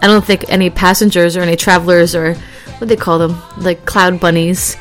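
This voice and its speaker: A woman vlogger talking casually in a chatty, rambling way, laughing easily and getting animated as she acts out little scenes. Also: fairly low pitch, a little fast, faint music behind. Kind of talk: casual chat.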